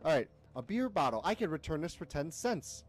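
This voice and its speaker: A man's voice: on the high side, brisk. A young man streaming a horror game, commenting with jokes, yelps and laughs. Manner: animated, jokey, frequent yelps and laughter.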